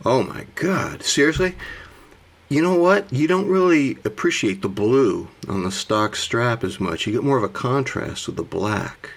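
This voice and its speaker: A man in a casual vlog monologue, his voice still rough from the morning. He talks in a theatrical, gushing way and keeps addressing himself mid-thought. His pitch sits right in the middle for a man. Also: animated, unhurried. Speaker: watch collector vlogger.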